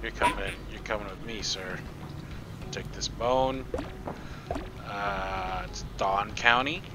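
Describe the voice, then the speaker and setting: A man's voice: fairly low pitch, slow pace, heavy background noise. A young man streaming a video game, chatting along in a goofy, playful way with silly riffs and honking noises. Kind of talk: live game commentary. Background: game music.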